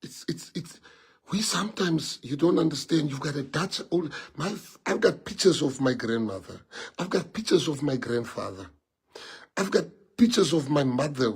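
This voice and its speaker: Husky South African man speaking emphatically. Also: a little high, expressive, normal speed. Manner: emphatic, repeats and restarts phrases. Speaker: public speaker. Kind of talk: impassioned speech to an audience.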